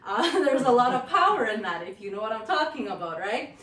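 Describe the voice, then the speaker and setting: A woman from Saskatchewan with a Cree reserve accent, telling stories as a workshop presenter and acting out quotes with lively energy. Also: a little high, fairly quick. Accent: Cree reserve English. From Cumberland House Cree Nation, Saskatchewan. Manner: animated, acts out quotes. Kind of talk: lively storytelling talk. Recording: roomy, distant mic, faint ambient noise.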